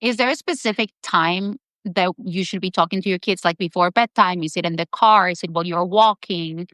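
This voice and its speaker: Hesitant woman host with a low, dry voice. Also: a little fast, a bit bright, no echo. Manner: hesitant, searches for words. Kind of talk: casual interview questions.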